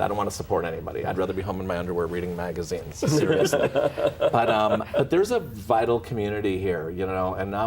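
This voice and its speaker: Lively, low-voiced man telling stories. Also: slight background noise. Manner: animated, laughing, acts out and hums snippets. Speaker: guest. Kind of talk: casual interview storytelling.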